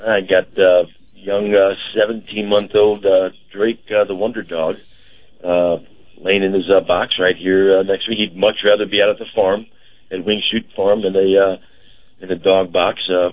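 A man co-hosting a casual radio show. He talks in a halting, chatty way with many fillers. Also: low-pitched, flat delivery. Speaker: radio co-host and car dealer. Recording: dull lo-fi radio broadcast.

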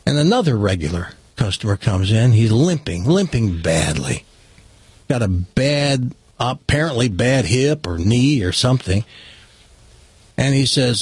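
A man hosting a radio show, telling a long joke in an animated storytelling way. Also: mid-range voice, a little slow, breathy edge, no echo. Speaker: radio host.

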